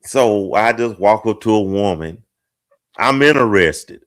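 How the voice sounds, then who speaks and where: A man's voice: lowish voice, normal speed, a little mellow. A middle-aged man hosting a casual group discussion, hesitant and self-mocking, joking his way through the topic. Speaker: talk show host.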